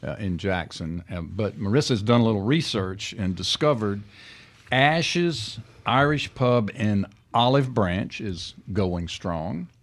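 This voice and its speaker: A man's voice: fairly low pitch, measured pace. A man hosting a radio food show, chatting casually with frequent uh fillers.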